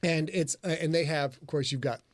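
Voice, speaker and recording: Animated, profane male podcast host. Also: fairly high pitch, brisk, dry recording. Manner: animated, profane, does loud voices in anecdotes. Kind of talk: casual chat, storytelling.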